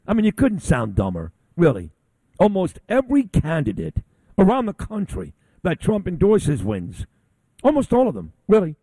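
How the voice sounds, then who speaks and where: A male talk radio host delivering a blunt, combative monologue, throwing insults freely. His voice sits a little high and swings widely in pitch, with a mellow, dark tone. The sound is dry and close, broadcasting from a convention. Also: wildly swooping pitch, moderate pace, no room sound.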